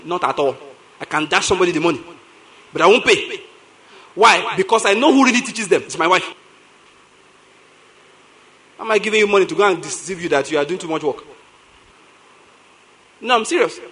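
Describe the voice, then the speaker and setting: A male pastor with a Nigerian accent delivers a lively sermon in a notably high voice. he tells stories with a lot of energy, hammers points home by repeating himself, and breaks into laughter often. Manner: animated storytelling, repeating lines for emphasis, laughs often.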